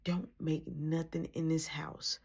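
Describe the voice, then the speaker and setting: A woman's voice: low-pitched, flat delivery, slow, darkish tone, slightly rough, heavily acted. A woman voicing a stern angry mother who scolds her son with clipped threats. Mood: cold.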